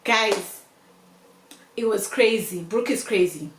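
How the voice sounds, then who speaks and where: Animated woman in a roomy echo. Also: medium pitch, slow pace, a little hiss or hum. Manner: animated storyteller who keeps addressing viewers as "guys". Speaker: vlogger. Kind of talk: storytime vlog.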